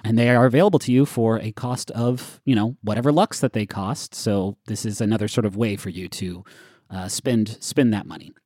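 A man's voice: lowish voice, moderate pace, darkish tone, no echo, studio quality. Chatty man running a tabletop game. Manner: casual, chatty, lots of fillers. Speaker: game master.

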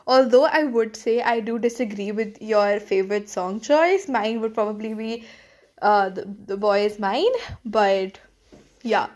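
A woman's voice: medium pitch, measured pace, a little mellow. A woman leaving a thankful, effusive voicemail for a podcast. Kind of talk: voicemail message.

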